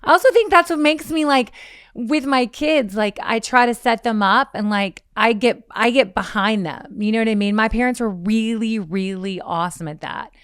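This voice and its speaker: A woman in her forties chatting casually as a podcast guest, telling animated stories and acting out what others said. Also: a little high, normal speed, clean tone, no room sound, clean studio sound. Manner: animated storytelling, acting out quotes. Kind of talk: casual chat.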